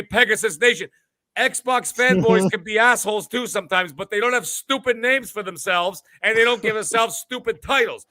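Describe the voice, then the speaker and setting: Sharp, bright-voiced man ranting. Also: sits high, no room sound. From Canada. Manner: profane, ranting, mock-boastful. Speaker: podcast host. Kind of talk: casual gaming podcast chat.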